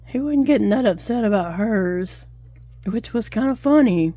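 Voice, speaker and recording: A woman's voice: mid-range voice, expressive, moderate pace, dark tone, no room sound. A middle-aged woman, chatting casually and telling stories, laughing often as she crochets at home. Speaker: crochet vlogger. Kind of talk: casual chat while crocheting.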